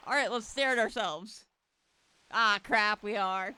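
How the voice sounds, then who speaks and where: A woman's voice: mid-range voice, very animated, normal speed, sharp tone, a little hiss or hum. A young woman giving casual, jokey commentary while playing a game, with mild swearing. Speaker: let's play gamer.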